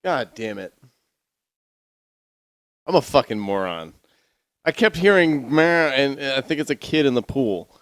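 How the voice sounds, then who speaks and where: A man's voice: medium pitch, expressive, a little slow, pauses often, fairly bright tone, no room sound. Male podcast co-host, mid-range voice, dry close sound, blunt and profane casual chat. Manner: blunt, profane, laughs easily.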